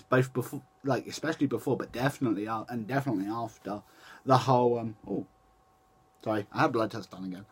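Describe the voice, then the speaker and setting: A man's voice: medium pitch, husky. A young man chatting casually to camera in a rambling way, often restarting and correcting himself. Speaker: vlogger.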